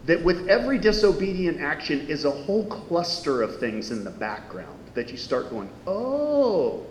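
A pastor delivers a sermon at normal speed in an echoey hall with a faint rumble. His preaching is animated and conversational, full of rhetorical questions.

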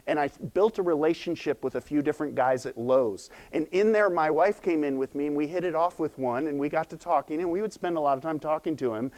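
A man's voice: a little high, a little fast, few pauses. Conversational male pastor preaching. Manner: conversational storytelling with animated quoted voices. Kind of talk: sermon.

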